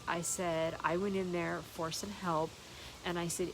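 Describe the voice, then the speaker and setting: A woman's voice: lowish voice, little pitch movement, unhurried, slight background noise. An older woman, a spiritual teacher, telling a personal story and reflecting on it in a candid, earnest way.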